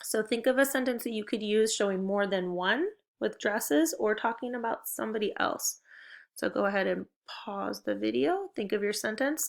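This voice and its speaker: Woman teacher for a kids' video lesson: mid-pitched, encouraging, spells out words slowly. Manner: encouraging, clearly paced instructions; stretches out target words slowly. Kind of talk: recorded video lesson for children.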